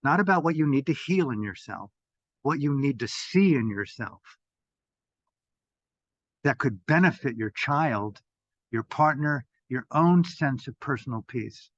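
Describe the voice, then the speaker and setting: An older man giving an impassioned talk as a meditation teacher, swearing freely and swinging between loud bursts and hushed asides. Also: medium pitch, expressive, a little slow, no echo. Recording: dull, dry lo-fi audio.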